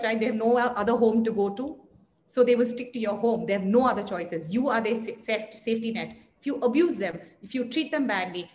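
An earnest woman with a fairly high voice talks about raising children and drives her points home with rhetorical questions. A faint hiss of noise sits under her voice. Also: darkish tone. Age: adult parent. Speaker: guest speaker on yoga parenting. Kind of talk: online panel talk.

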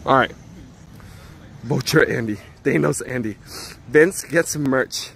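Man, fairly high voice, loud joking streamer on a phone outdoors, light street noise behind. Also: normal speed. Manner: joking, loud, excitable banter. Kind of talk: casual live-stream chat. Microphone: handheld phone.

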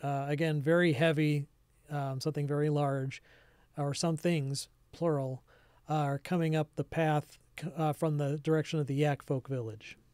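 A man narrating as game master, halting and searching for words. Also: on the high side, steady tone, a little mellow, clean tone, dry recording.

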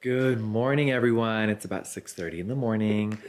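A man's voice: on the low side, normal speed, a little mellow, slight background noise. A man vlogging outdoors in a pasture on a handheld camera. He talks casually and frankly, with some swearing. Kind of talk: casual vlog narration. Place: outdoors in a ranch pasture at dawn. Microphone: handheld camera mic.

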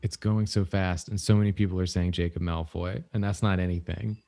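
A man's voice: low voice, steady tone, brisk, creaky, dark tone. A man co-hosting a drawing livestream, joking around and reading the chat aloud. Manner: playful, jokes and reads chat aloud. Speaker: stream co-host.

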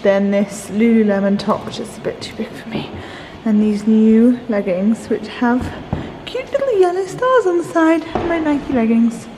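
A woman's voice: fairly high pitch, animated, normal speed. A young woman, chatting enthusiastically in a casual vlog. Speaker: vlogger. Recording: echoey room with clear background noise.

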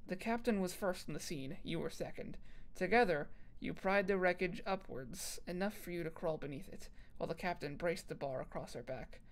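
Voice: mid-range voice, normal speed, hardly any pauses. A streamer reading game text aloud on a casual stream, often stumbling over words and making fun of themself.

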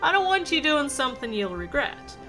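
A woman voicing a big, kindly male giant groundskeeper in a rough, put-on rural accent. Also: high voice, big pitch swings, fairly quick, pushed and bright, faint music behind, heavily acted. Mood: gruff, kindly.

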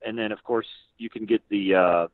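A man, a podcast guest, chatting casually and telling lively stories in which he acts out what other people said. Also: on the low side, normal speed, no echo. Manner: animated storyteller who acts out other people's lines. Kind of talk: casual storytelling chat. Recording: tinny phone-like line, dry.

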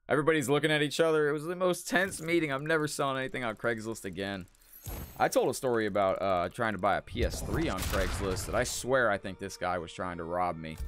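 A man's voice: medium pitch, fairly bright tone, a little hiss or hum. A man streaming a fighting game live, chatting casually with viewers and telling stories between matches. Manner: laid-back, chatty, thanks viewers and tells stories. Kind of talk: live gameplay commentary.

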